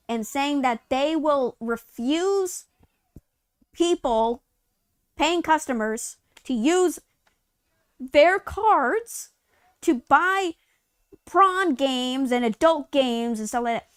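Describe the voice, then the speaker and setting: Brief: woman, high voice, live-stream co-host, furious profane rant, dry close sound. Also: lively intonation, takes it slowly, fairly bright tone, no room sound. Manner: heated, profane ranting; exasperated rhetorical questions. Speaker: co-host of a live gaming news show. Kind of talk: casual live-stream chat.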